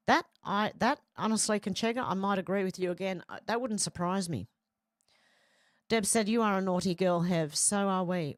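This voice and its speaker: A woman's voice: medium pitch, no echo, clean studio sound. Middle-aged woman reading chat. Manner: reads viewer comments aloud, chatty, laughs often. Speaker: livestream host reading chat. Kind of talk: casual chat.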